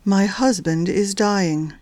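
A woman voicing a curt young wife under strain, who speaks in a sharp, clipped, cold way in a novel reading. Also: medium pitch, slow pace, no room sound, studio quality, close to an everyday voice.

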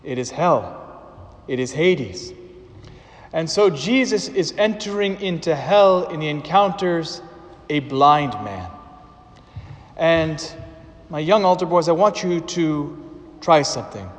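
A man preaching a sermon as a priest, slow and deliberate with dramatic pauses, in a church. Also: on the high side, expressive. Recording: church with long reverb.

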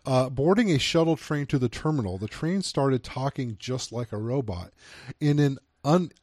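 A man's voice: mid-range voice, animated, moderate pace, darkish tone, dry recording, clean studio sound. A man co-hosting a film podcast, chatting casually and reading review quotes aloud with hesitant restarts. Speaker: podcast co-host.

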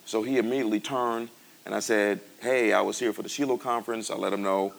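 A man, a pastor from the United States, telling a story in a sermon with animated bursts of high, loud excitement. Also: quick pace, gravelly.

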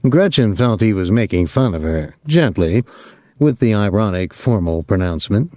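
A man narrating a novel in a calm, measured way. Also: lowish voice, no room sound, clean studio sound. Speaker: audiobook narrator. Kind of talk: scripted narration.

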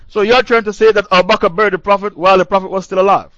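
An Islamic preacher delivers a religious lecture in a combative, mocking style, repeating points for emphasis. His high, slightly bright voice stays steady in tone as he speaks rapid-fire. The recording is dull, lo-fi, and dry, with no room sound.

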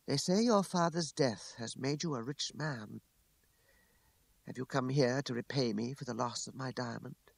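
A man's voice: medium pitch, normal speed, vocal fry, no room sound. A man reading an audiobook, raising his voice to play a proud young woman who speaks with bitterness and contempt. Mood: scornful.

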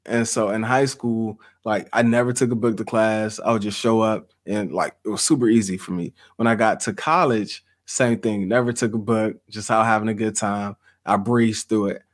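A middle-aged man hosting a podcast, telling stories casually and laughing often as he talks to his audience. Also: on the low side. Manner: storytelling, laughs often, addresses audience as y'all. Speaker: podcast host and author. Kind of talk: casual livestream chat.

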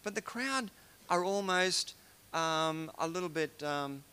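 A man's voice: high voice, animated, slow, sharp tone, clear, resonant tone. A man giving an informal devotional talk, musing aloud and retelling scripture in everyday words. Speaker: preacher.

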